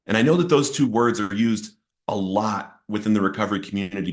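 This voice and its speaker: A man sharing a personal testimony of addiction and recovery, earnest and emotional, his voice rising sharply at the intense moments. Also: lowish voice. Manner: earnest, emotional storytelling, rising to near-shouting at peaks. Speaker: testimony speaker.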